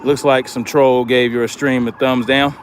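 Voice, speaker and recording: A man's voice: mid-range voice, little pitch movement, measured pace, a little hiss or hum. A man hosting a livestream, reading viewer comments aloud and answering them in casual chat. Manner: reads viewer comments aloud and responds conversationally.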